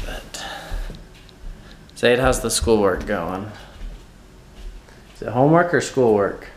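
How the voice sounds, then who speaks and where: A man's voice: on the low side, lively intonation, unhurried, gravelly, pauses often, roomy sound, slight background noise. A man and father chatting playfully and teasing on a casual family vlog.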